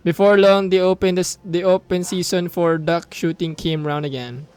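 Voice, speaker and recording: Excitable Filipino-accented young gamer. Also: male voice, high-pitched, moderate pace, clear, resonant tone. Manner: excitable, reads on-screen story text aloud, mixes in Tagalog asides. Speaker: gaming YouTuber. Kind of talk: mobile game let's play and reading aloud.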